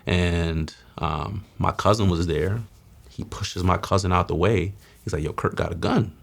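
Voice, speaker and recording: A man recounts his past in candid, slangy street talk. His voice sits very low and gravelly, with plenty of fry. He often drops to a hushed, near-whispered tone when the story turns heavy. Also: unhurried. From Mount Vernon, New York. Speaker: guest telling his life story. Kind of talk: candid testimony.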